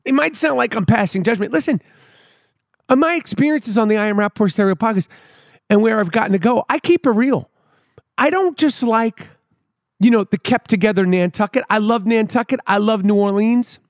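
A middle-aged New York City podcast host delivers a comedic storytelling monologue, animated and emphatic, repeating words for effect and using street slang. His high voice runs a little fast in clean studio sound with no room sound.

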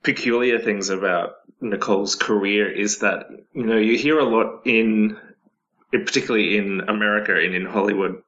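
A man's voice: fairly low pitch, fairly even intonation, normal speed, a bit bright, dull audio. A man, wry and opinionated, chatting casually about films on a podcast. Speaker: podcast co-host. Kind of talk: casual film chat.

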